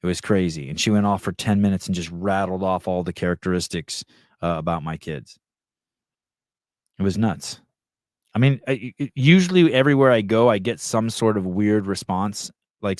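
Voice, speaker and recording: A middle-aged man talks in a loose, rambling way, swearing freely as he tells a story and reads comments aloud. His voice sits on the lower side. The sound is dry and close, with no room around it. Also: darkish tone, no echo. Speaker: podcast host. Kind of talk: casual profane storytelling chat.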